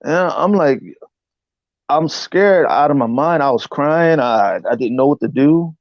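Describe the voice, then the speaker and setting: A man telling a personal story as an interview guest in casual speech, animated and often saying "you know what I'm saying". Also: on the high side, measured pace, no room sound, dull audio. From United States. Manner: acts out voices in quotes.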